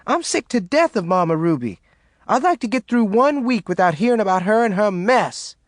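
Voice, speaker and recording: A man doing a high, exasperated young mother, snappish, very dry close sound. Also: expressive, moderate pace, dry recording. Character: fed-up young Southern mother, sharp-tongued.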